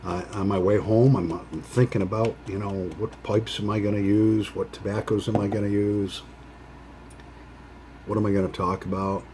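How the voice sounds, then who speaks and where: A man hosting a pipe-smoking vlog, chatting casually in a rambling, halting way with many fillers. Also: on the low side, flat delivery, warm tone, slight background noise. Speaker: pipe-smoking channel host.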